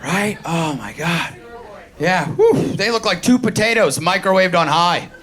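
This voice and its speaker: A man's voice: high-pitched, lively intonation, measured pace. A man with a New York accent doing a profane, brash stand-up comedy set on a live stage, acting out the voices he quotes. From New York City, Queens. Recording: live show with crowd laughter. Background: audience laughter.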